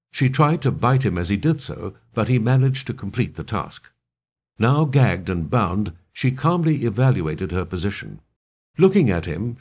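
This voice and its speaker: Guy reading a thriller audiobook, low husky voice, lots of rise and fall. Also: darkish tone. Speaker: narrator.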